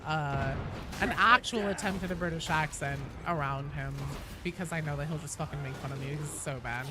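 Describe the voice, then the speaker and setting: A young woman streaming a game, chatting casually, reading chat aloud, swearing and breaking into excited squeals. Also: low-pitched, brisk, noisy background. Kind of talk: casual gaming livestream chat.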